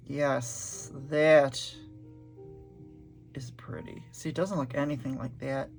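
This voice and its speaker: A woman's voice: a bass voice, steady tone, slow pace, long pauses, darkish tone, faint music behind. A middle-aged woman chatting casually as she paints swatches, gushing and thinking aloud. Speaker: art vlogger.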